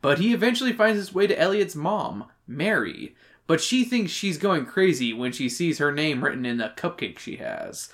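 A man's voice: a little high, sing-song, moderate pace, a bit bright. A man co-hosting a casual book-review podcast, reading chapter summaries with crude jokes and frequent swearing. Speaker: podcast co-host.

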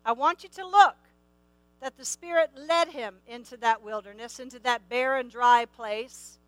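A woman's voice: on the high side, measured pace, no echo, rough recording. A middle-aged woman preaching a sermon, emphatic, repeating key phrases and asking the listeners questions.

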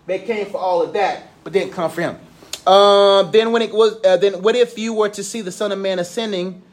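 High-voiced man teaching the Bible casually. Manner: informal, slangy, reads scripture then explains it. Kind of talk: Bible lesson to a class.

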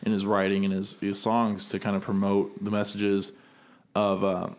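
A man's voice: lowish voice, completely flat delivery, moderate pace. A man co-hosting a podcast in casual chat, wry and matter-of-fact. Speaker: podcast co-host.

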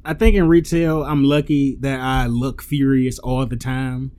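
A man's voice: mid-range voice, steady tone, a little slow, darkish tone, smooth. A man who works at a hardware store, talking bluntly and firmly in casual chat and laughing often.

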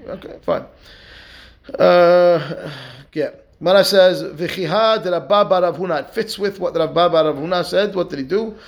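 Male rabbi teaching Talmud, with a raised pitch and a gravelly edge. He reads the text aloud, then unpacks it in a conversational question-and-answer way. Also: moderate pace, lo-fi sound. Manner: explains step by step, asks and answers rhetorical questions; keeps checking in with "right?". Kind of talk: Talmud study lesson.

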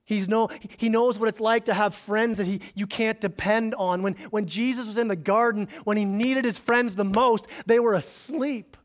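High-voiced man preaching a sermon. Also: fairly even intonation, moderate pace, few pauses. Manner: conversational, repeats words when emphasizing. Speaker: pastor.

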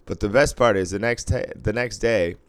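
A man's voice: normal speed, clear, resonant tone, no echo. A man who works as a casino pit boss, chatting casually, laughing and swearing as he tells stories. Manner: laughing storyteller, swears freely, acts out others in a higher voice. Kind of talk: casual chat.

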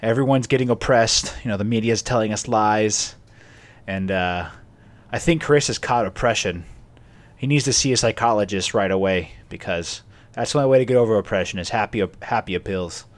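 A man's voice: lowish voice, moderate pace. A man co-hosting a comedy podcast, rambling through mock-serious warnings with laughs and fillers. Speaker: podcast co-host.

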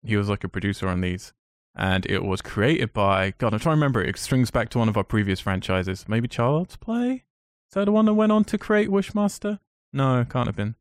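A man's voice: medium pitch, animated, brisk, dry recording. Chatty man talking films, dry sound. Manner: enthusiastic, rambling with restarts. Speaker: podcast co-host. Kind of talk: casual film chat.

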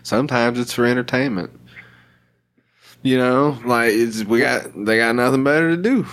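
A man's voice: mid-range voice, moderate pace. A man in casual podcast conversation, swearing freely and laughing often while he tells stories. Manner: profane, laughs often, animated storytelling.

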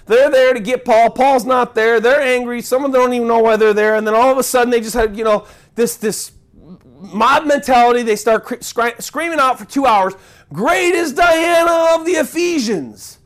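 With an extremely high pitch and a brisk pace, a man preaches as pastor in a lively, conversational way. He mimics crowd voices and chants, restarts often, and keeps addressing the congregation in asides.

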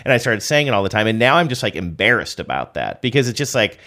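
Low-voiced self-deprecating man in his forties. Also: sing-song, quick pace, pushed and bright. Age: 40s. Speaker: podcast co-host. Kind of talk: casual chat.

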